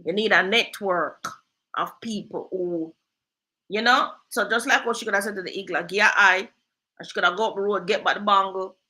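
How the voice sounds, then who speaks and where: A woman hosting a casual real estate chat, telling lively stories and slipping into patois. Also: medium pitch, fairly quick, low-quality recording. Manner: lively storyteller, drifts into patois. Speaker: real estate agent and host.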